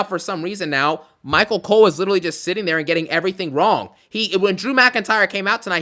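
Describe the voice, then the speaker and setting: A male streamer talks casually through a live rant, thanking each donor by name and rambling off on asides. His voice sits a bit high and sounds bright and pushed forward. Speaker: streamer reading donations.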